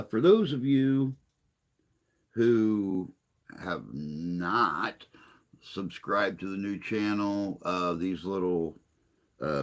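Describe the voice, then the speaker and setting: An older man hosting a casual livestream chat, reading viewer comments aloud in a rambling, self-deprecating way. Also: low voice.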